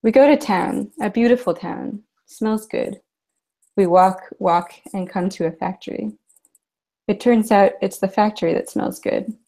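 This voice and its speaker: A woman translator reading her translated fiction aloud in an even, measured way. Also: mid-range voice, gravelly. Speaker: literary translator. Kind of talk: literary reading.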